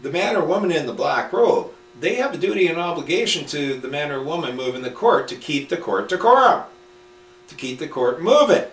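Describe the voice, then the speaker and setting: A man's voice: a little high, very animated, brisk, a bit bright. A man ranting casually and with emphasis, swearing often and restarting his sentences as he rambles. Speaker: speaker on common law. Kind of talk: casual rant. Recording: roomy, distant mic with mains hum.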